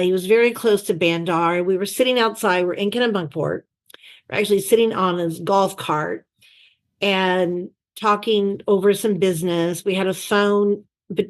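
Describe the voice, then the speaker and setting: Woman telling stories in a video interview. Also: mid-range voice. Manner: animated anecdote-telling with quoted voices. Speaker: author and former chief of staff. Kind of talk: storytelling in an interview. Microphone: video call.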